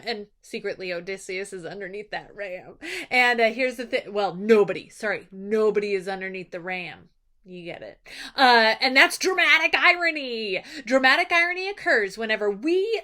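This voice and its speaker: Bright, animated woman teacher. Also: fairly high pitch. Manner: animated, acts out characters in quick asides. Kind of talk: casual lesson recap.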